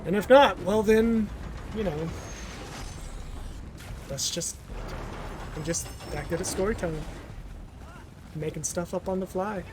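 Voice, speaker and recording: A man's voice: sits high, slow pace, long pauses, over music. A man giving casual let's play commentary as he games, talking to himself in a jokey, self-mocking way.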